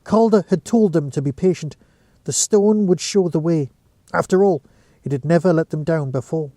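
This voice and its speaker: Man reading a short story, high voice, mellow tone, dry close recording. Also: moderate pace, no echo. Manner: steady storytelling. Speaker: narrator.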